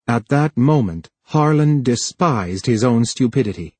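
A man reading a novel aloud in a measured, even way, as scripted narration. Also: medium pitch, breathy edge, dry recording. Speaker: audiobook narrator.

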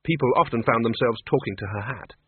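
A man's voice: mid-range voice, brisk, husky, no room sound. A man narrating a story with dry, wry timing. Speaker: audiobook narrator. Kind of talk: scripted narration. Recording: tinny radio broadcast.

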